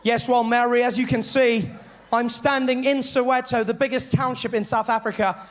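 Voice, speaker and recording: A man's voice: very high voice, little pitch movement, moderate pace, voice pushed up. A comedian voicing a formal male TV news correspondent reporting from the field.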